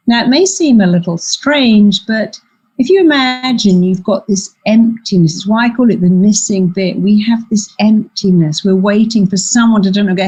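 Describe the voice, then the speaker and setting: Dark-toned woman coaching with emphasis. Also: medium pitch, moderate pace, dull audio. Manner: emphatic, acts out quoted voices. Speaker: therapist and guest speaker. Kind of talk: podcast interview, coaching advice.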